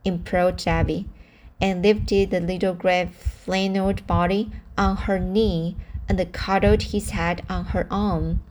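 Slow, careful woman reading a novel. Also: lowish voice, little pitch movement, a little mellow, a little hiss or hum. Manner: careful reading with frequent slips and self-corrections. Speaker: audiobook reader.

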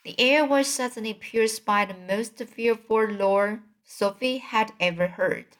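A woman reading a children's novel aloud in a slow, halting way, often restarting words. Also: a little high, a bit bright. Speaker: reader.

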